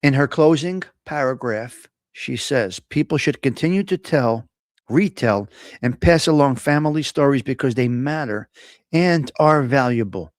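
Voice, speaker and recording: A man's voice: medium pitch, unhurried, dry recording, studio quality. A man hosting a casual live stream, chatting with viewers, teasing them and reading their comments aloud. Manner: chatty, laughs often, teasing, ad-libs.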